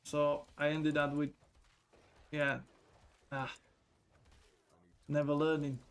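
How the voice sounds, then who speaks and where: A man's voice: on the high side, monotone, takes it slowly, smooth. A man streaming live, chatting casually, reading viewers' messages aloud, rambling and swearing with frequent laughter. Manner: rambling, profane, laughs often, reads chat aloud.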